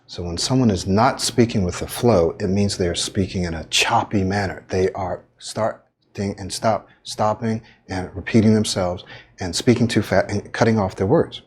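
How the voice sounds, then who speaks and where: A man coaching on speech in an instructional lesson, speaking in a measured way and stretching words to stress them. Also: deep voice, husky.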